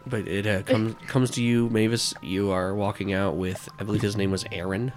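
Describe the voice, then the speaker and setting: Running a tabletop RPG, this man rambles through explanations and narration, packing in fillers and asides and laughing often. He speaks at a moderate pace in a lowish, steady voice, with a faint hiss or hum on the recording.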